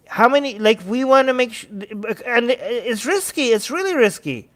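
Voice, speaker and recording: High, smooth-voiced man hosting a livestream. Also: normal speed, few pauses. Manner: animated, restarts often, reads chat aloud. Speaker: livestream host. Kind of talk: casual livestream commentary.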